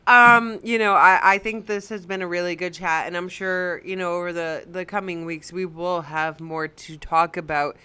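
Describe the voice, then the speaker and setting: A woman's voice: on the low side, fairly even intonation, normal speed, hardly any pauses, pushed and bright, clean tone. A woman hosting a casual gaming podcast, laughing often and steering the talk along. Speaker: podcast host.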